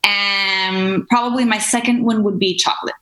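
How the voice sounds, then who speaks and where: Woman, bright sharp voice, hesitant soft talk, echoey room, video call. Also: mid-range voice, steady tone, moderate pace. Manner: soft-spoken, hesitant, searches for words. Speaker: guest, jazz vocal performer.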